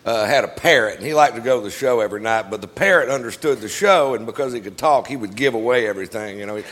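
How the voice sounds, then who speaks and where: A man telling a joke in a relaxed, rambling storytelling manner. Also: mid-range voice, quick pace, few pauses.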